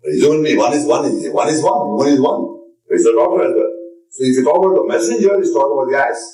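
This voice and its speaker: A man's voice: mid-range voice, animated, very fast, mellow. A man gives a religious lecture, answering a questioner in an insistent, repetitive, emphatic way. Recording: echoey room, distant mic.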